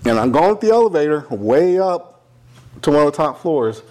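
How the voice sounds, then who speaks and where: A man's voice: on the high side, normal speed. A young man telling a long story in casual chat, swearing freely and acting out the people in it. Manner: profane, animated, quotes people in voices. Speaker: podcast co-host telling a story.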